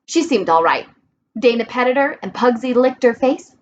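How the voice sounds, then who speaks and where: A woman reading a children's storybook aloud, clear and expressive. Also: fairly high pitch, normal speed, highs cut off. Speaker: reader.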